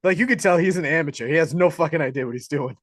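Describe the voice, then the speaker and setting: Animated man recapping a horror movie. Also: a little high, very fast, no echo, clean studio sound. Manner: animated retelling with crude jokes and impressions. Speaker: podcast co-host.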